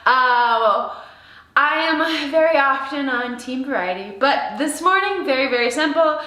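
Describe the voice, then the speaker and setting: Bubbly high-voiced woman fitness instructor. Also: animated, a little slow, pushed and bright, heavy reverb. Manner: bubbly, playful, sing-song greetings. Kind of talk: live workout class instruction. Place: home workout space.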